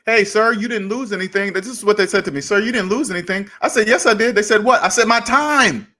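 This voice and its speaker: This high-pitched, fast-talking man hosts a personal finance channel. With a raised voice, he tells a story casually and with animation, acting out both sides of an argument in quoted dialogue.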